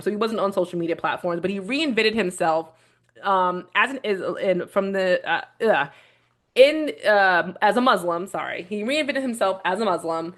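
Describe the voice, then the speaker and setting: A woman hosting a casual video commentary, talking bluntly with strong opinions and swearing freely as she rambles through her points. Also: medium pitch. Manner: rambling with restarts, animated retelling. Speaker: vlog host reviewing a documentary.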